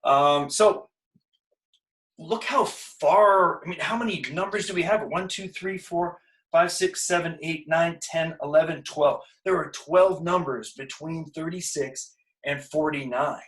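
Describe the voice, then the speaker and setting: A man with a fairly high voice teaches a casual math lesson, joking and thinking aloud as he works through problems with asides. He sounds out of breath and speaks a little slowly, and the recording quality is low.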